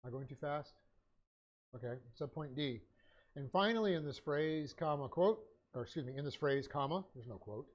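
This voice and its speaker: Male Bible teacher, slightly high voice, halting dictation full of "uh"s, muffled stream audio. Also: expressive. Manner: dictates notes slowly with many fillers. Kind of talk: Bible class lecture.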